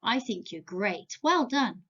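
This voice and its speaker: A medium-pitched woman's voice with a breathy edge comes through dull audio from a church home video. She's a children's church leader with an English accent, running a Bible lesson in a slow, playful, animated manner and urging the little ones to join in.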